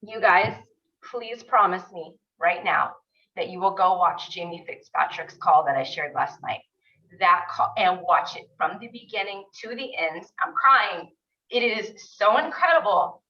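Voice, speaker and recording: A woman's voice: fairly low pitch, lively intonation, moderate pace. Woman hyping her team on a video call, kinda far from the mic, dull muffled sound. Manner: emphatic, gushing, repeats for stress. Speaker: team leader hosting a mentor call. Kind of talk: motivational group video call.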